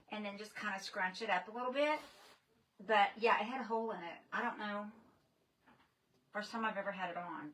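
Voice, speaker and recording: A woman's voice: a little high, pushed and bright. Chatty woman on a livestream. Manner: chatty, greets viewers by name. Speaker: livestream host. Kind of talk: casual livestream chat. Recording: distant from the mic, faint noise.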